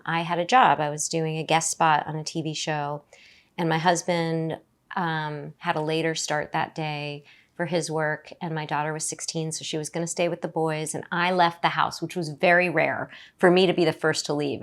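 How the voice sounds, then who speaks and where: Appearing as a podcast guest, a middle-aged woman with a low voice tells a personal story haltingly, full of fillers and restarts.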